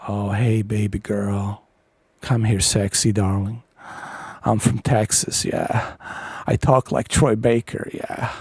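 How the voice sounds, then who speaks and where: A man voicing a sleazy smooth-talking Texan pickup guy in a low, soft, crooning voice with slow, oily flattery. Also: dry recording, heavily acted. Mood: seductive.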